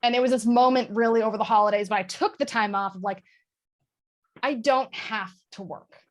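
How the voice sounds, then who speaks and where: A woman talking candidly as a guest on a video call, self-mocking and quick to laugh. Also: fairly high pitch. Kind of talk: casual chat on a video call.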